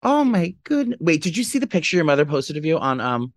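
A man's voice: fairly high pitch, sing-song, dry recording, studio quality. A man co-hosting a podcast, chatting casually in a gossipy, dramatic way. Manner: gossipy, dramatic, quick-talking. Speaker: podcast co-host. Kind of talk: casual chat.

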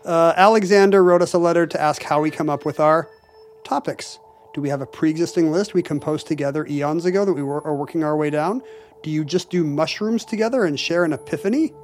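A man's voice: a little high, brisk. Dry-humored male podcast co-host. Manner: dry, wry humor, reading listener mail. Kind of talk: casual chat.

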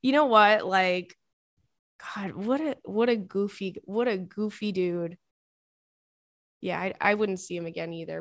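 A woman's voice: medium pitch, unhurried, no echo, studio quality. Woman dramatically retelling a listener story. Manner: expressive, dramatic storytelling with frequent exasperated asides. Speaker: podcast host. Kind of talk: casual chat, reading a listener's email aloud.

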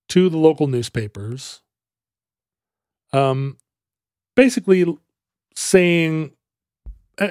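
A man tells a history story on a podcast in a loose, joking, rambling way. His voice sits a bit high. The sound is dry and close. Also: darkish tone, no echo. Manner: rambling, jokey, many fillers. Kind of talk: casual chat storytelling.

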